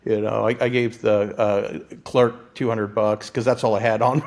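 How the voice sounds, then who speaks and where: A gravelly-voiced man from Florida tells his story as an interview guest. He is excitable and stumbles over his words with frequent restarts, laughing often. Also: medium pitch, moderate pace, hardly any pauses. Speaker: guest, physician and lottery winner.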